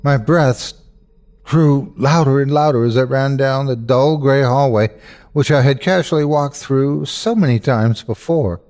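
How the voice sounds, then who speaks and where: A man's voice: mid-range voice, unhurried, darkish tone. A man narrating a scripted horror story in first person, tense and breathless in the scary parts.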